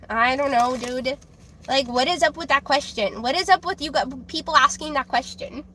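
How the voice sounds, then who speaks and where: A woman's voice: sits high, moderate pace, a bit bright, a little hiss or hum. A woman tarot reader chatting casually on her live stream. She talks bluntly and defensively, with lots of fillers and restarts.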